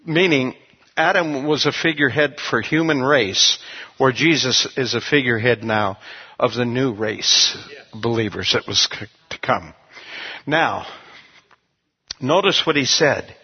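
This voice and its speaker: A man's voice: mid-range voice, a little slow, pauses often, husky, muffled recording. A man preaching a sermon as a pastor, in a conversational, storytelling way.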